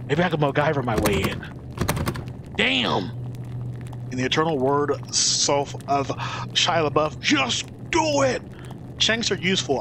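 A man streaming a video game, talking to chat with excitable, swearing commentary. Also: fairly high pitch, noisy background. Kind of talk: live gameplay commentary.

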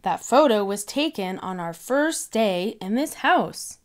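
Woman playing a jolly storybook daddy pig, hearty, proud, slow and lively. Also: mid-range voice.

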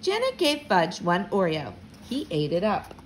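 A woman's voice: on the low side, a little slow, slight background noise, poor audio. A woman who teaches fourth grade, reading a children's book aloud to her class from home. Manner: warm teacherly read-aloud, lively. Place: at home, living room.

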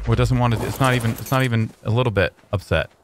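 A young man giving casual let's-play commentary, excitable and playful, chatting with his in-game creatures in slang. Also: medium pitch, rapid-fire, background noise. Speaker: gaming YouTuber.

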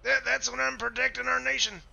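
A man's voice: extremely high pitch, flat delivery, fairly quick, creaky, pushed and bright, highs cut off, full character voice. A man playing a stammering, foul-mouthed, paranoid redneck who hunts aliens with a gun, rambling in an improvised game role-play. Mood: ranting paranoid.

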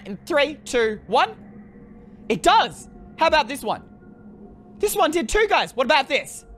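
A woman giving chatty, animated let's-play commentary to her viewers, often exclaiming in excitement. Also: a little high. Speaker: gaming video creator.

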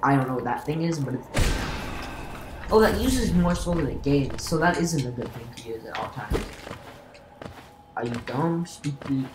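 Woman let's-play host, very deep voice, rambling and self-mocking, in a roomy room with background noise. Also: expressive, brisk. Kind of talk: casual gameplay commentary.

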